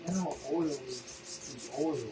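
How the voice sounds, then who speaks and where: A woman's voice: deep voice, moderate pace, music in the background. A woman helping off camera, reading out viewer comments in a brief, matter-of-fact way. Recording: background noise in the room.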